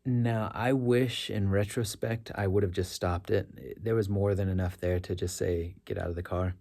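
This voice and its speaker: A man's voice: fairly low pitch, fairly even intonation, measured pace, mellow. A middle-aged man, a rideshare driver, telling a story casually and earnestly, rambling and correcting himself as he goes. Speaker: rideshare driver sharing stories.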